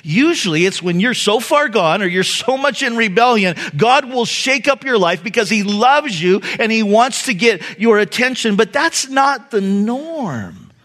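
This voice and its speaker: A man's voice: high voice, expressive, unhurried, hardly any pauses, fairly bright tone. A male pastor giving a sermon in an earnest, conversational way, speaking directly to his listeners.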